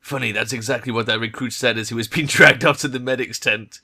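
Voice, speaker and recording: A man voices a hard-nosed female troll, a blunt, stern ex-soldier mercenary, delivering curt, clipped, unsentimental lines. The voice is bright and sharp-edged at medium pitch, steady and a little fast, never softening. The mood throughout is stern.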